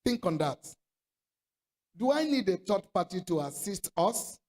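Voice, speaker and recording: A man's voice: high-pitched, big pitch swings, measured pace, a little mellow. A man preaching a sermon, emphatic, repeating his points and calling for response from the congregation.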